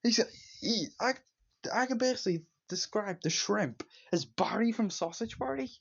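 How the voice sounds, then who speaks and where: A man's voice: sits high, normal speed, creaky, husky. A man giving a casual, rambling movie review, stringing scenes together with "and then" and now and then putting on silly voices for the characters. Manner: briefly acts out characters' lines with silly voices. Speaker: film reviewer. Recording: slightly dull lo-fi sound.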